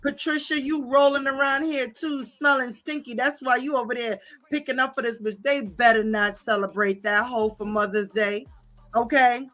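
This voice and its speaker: A woman livestreamer rants in a bright, forceful voice that sits a little high. She curses freely and drives her points home with repeated "okay?" tags. Faint music plays underneath. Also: steady tone, moderate pace. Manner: profane, confrontational, repeats "okay?" and "bitch". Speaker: livestream host. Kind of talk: heated livestream rant reading viewer comments.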